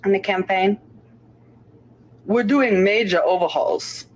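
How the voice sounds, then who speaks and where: A woman's voice: mid-range voice, unhurried, a little hiss or hum, rough recording. A woman in a played clip, ranting profanely and mocking someone with repetition.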